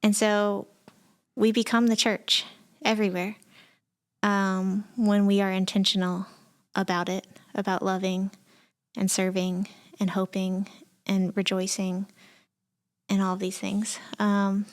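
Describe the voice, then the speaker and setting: A woman's voice: medium pitch, flat delivery, measured pace, pauses often. A woman from Texas, a pastor co-hosting a podcast, talking casually and reflectively with many fillers. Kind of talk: casual conversation.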